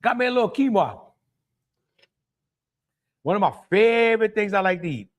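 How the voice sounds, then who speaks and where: A man's voice: high voice, expressive, moderate pace. A man with a Louisiana accent hosting a casual live cooking stream, chatty and exclamatory, greeting viewers by name and laughing often. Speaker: cooking show host.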